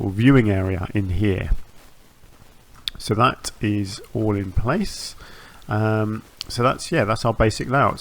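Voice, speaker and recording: In relaxed gameplay commentary on his channel, a man with a fairly low, fry-tinged voice chats through his build. His talk wanders and self-corrects, with frequent restarts, ums, and uhs.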